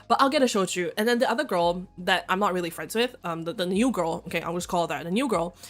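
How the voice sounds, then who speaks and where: A woman's voice: lowish voice, quick pace. A young woman streamer chatting casually and telling stories with lots of giggles and quoted voices. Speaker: vtuber streamer. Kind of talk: casual chat.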